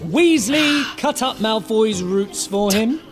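A woman voicing a cold, contemptuous male teacher who speaks with quiet menace. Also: fairly high pitch, lively intonation, slow pace, over music, voice pushed up. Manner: icy, contemptuous, dangerous.

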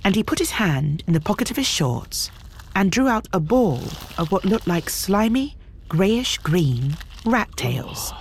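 A man giving a measured, expressive scripted audiobook narration. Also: high-pitched, a little hiss or hum.

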